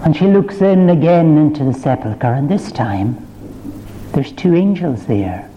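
A man's voice: a little high, expressive, unhurried, background noise. A man preaching a sermon, retelling the story with rising fervour. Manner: impassioned, rising to fervent climaxes. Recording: dull reverberant church recording.

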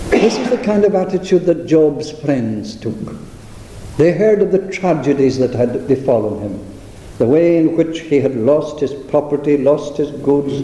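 Man, preacher, very dark mellow voice, measured and deliberate, echoey hall. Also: mid-range voice. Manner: measured, deliberate, with emphatic slowed phrases. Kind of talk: sermon.

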